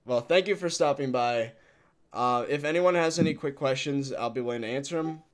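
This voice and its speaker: A man's voice: mid-range voice, brisk. A young man hosting a voice chat, talking casually with frequent laughs and loose restarts.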